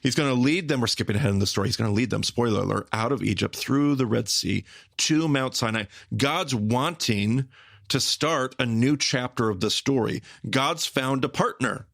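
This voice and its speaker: A man hosting a podcast, explaining Bible stories with emphatic, repetitive phrasing that speeds up and slows down. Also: medium pitch, gravelly, fairly bright tone, dry recording, studio quality. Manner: emphatic, repetitive, with rapid bursts and slow stressed phrases. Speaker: podcast host teaching the Bible. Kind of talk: animated teaching conversation.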